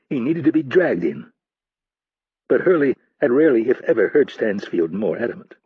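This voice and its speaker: A man narrating a thriller audiobook in a measured, steady way. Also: lowish voice, slightly rough, dry recording, phone-quality sound.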